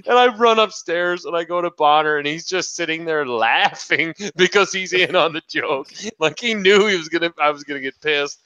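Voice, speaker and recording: The host of a casual podcast tells a lively story packed with swearing and frequent laughter. His voice is a little high, his pace moderate with few pauses, and there's no echo.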